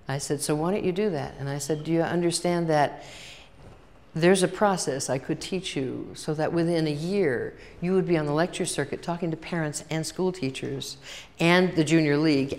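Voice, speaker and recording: A woman's voice: deep voice, a little fast, a little mellow. An older woman giving a chatty workshop talk to a live audience, telling stories and acting out both sides of conversations. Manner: chatty storytelling, acts out dialogue. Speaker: workshop speaker. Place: large hall with audience. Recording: long reverb of a hall.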